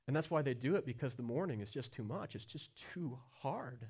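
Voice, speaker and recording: A man preaching a sermon as pastor, earnest, with questions put straight to the listeners and swings from quiet low passages to loud high-pitched stretches. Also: animated, fairly quick, breathy edge. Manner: asks the listeners direct questions.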